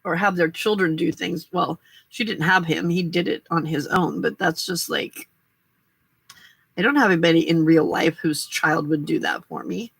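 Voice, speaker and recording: A woman's voice: lowish voice, normal speed, creaky, fairly bright tone, slightly rough, no echo. An older woman hosting a casual late-night crafting livestream, chatting to viewers and getting emotional over their kindness. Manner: chatty, emotional, reacting to chat. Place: small home craft room.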